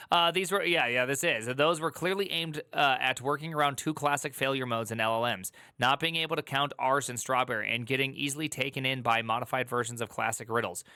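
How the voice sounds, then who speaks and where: A man's voice: medium pitch, sharp tone, dry recording, studio quality. A man on a tech stream reading an article aloud and breaking off into joking asides. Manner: reads aloud with quick asides and joking rants. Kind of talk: casual reaction stream.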